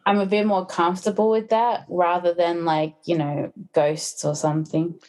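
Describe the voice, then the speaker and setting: A woman's voice: fairly low pitch, little pitch movement, moderate pace, a little mellow, a little hiss or hum. A woman chats loosely on a podcast. She keeps retelling stories, filling gaps with little fillers as she goes. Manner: chatty, lots of fillers, retells plots. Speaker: podcast guest. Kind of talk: casual chat.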